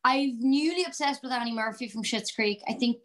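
This Irish woman is an actress being interviewed. She's fairly quick, fairly bright in tone and on the high side, chatting exuberantly about comedy and telling a long joke. The interview is casual, and the recording is rough.

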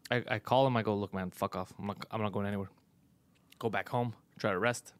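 A man's voice: lowish voice, fairly even intonation, brisk, no echo. A man hosting a comedy podcast, telling a frustrating story in a profane, exasperated way with frequent laughs. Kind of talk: casual chat, storytelling.

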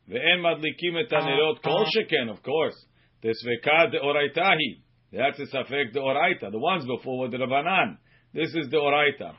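A rabbi giving a Talmud study lesson, his voice a touch high for a man. He reads each Aramaic phrase slowly and then explains it in brisk English. The recording sounds muffled and lo-fi. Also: slightly rough. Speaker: rabbi teaching a Talmud class.

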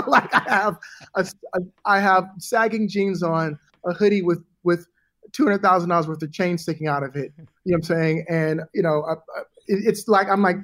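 A middle-aged man telling a story in a casual interview, animated and profane, acting out the people in it. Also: high voice, moderate pace. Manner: animated, profane, acts out voices in anecdotes. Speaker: guest.

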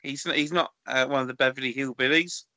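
A man's voice: medium pitch, fairly even intonation, quick pace, pushed and bright, dry recording. A male radio co-host chatting and guessing answers in casual talk. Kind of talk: radio chat.

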